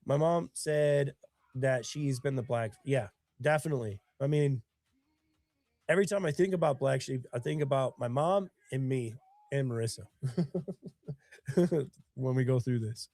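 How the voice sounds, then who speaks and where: A sniffly man with bronchitis, rambling earnestly as he talks to his live-stream viewers. His voice sits at a middling pitch and sounds close and dry, with no room around it. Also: unhurried, long pauses, darkish tone, dry recording. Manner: earnest, rambling, emotional storytelling. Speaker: singer-songwriter hosting his own live stream. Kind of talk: casual live-stream chat.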